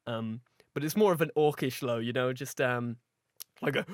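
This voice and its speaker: A man co-hosting a casual podcast, giggly and animated, with a lighter voice than most men. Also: mid-range voice, normal speed, dry recording, clean studio sound. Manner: giggly, animated, full of restarts. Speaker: podcast co-host. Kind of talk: casual chat.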